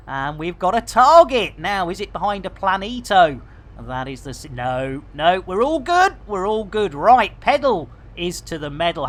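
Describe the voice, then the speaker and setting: A man's voice: high voice, fairly bright tone. Barnsley man, middle-aged, game streamer, playful banter, catchphrases. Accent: Barnsley, Yorkshire. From England. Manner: jokey, chatty, with playful catchphrases. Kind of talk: live gameplay stream chat.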